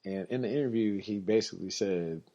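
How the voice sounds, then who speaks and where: Low-voiced man telling a rambling story. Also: fairly quick, dark tone. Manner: rambling, self-correcting, quotes others in his own voice. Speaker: podcast host. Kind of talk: casual storytelling monologue. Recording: dull lo-fi recording.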